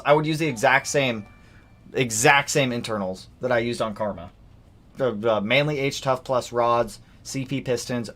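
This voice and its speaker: A young man chats casually as host of a car livestream, his voice sitting at an everyday middle pitch. He talks in an animated way, thanking viewers for donations and riffing on the news. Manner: animated, reads donations aloud.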